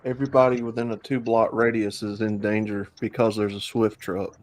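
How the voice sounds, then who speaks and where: A man's voice: on the low side, flat delivery, a little fast, a little hiss or hum. A man hosting an online talk stream, chatting casually in a loose, rambling way with many fillers. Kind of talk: casual chat.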